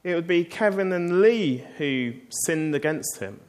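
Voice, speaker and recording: A man's voice: a little high, animated, unhurried, a little mellow. A man preaching a sermon, telling the story in a conversational way and asking the listeners rhetorical questions.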